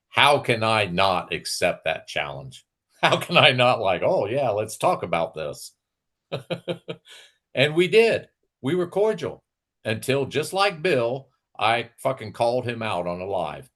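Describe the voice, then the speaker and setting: A man's voice: mid-range voice, big pitch swings, unhurried, fairly bright tone. A man hosting a live stream, ranting and mocking in casual, profane chat.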